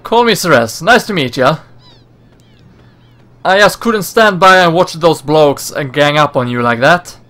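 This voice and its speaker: A man's voice: a little high, a little slow, bright, forceful tone. A man voicing a brash young woman in a game, talking cocky and teasing with slangy words.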